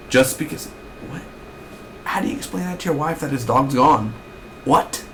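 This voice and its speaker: A man's voice: fairly high pitch, moderate pace, a little hiss or hum. A young man reviewing a TV episode in a casual recap, rambling and ranting with lots of fillers and restarts.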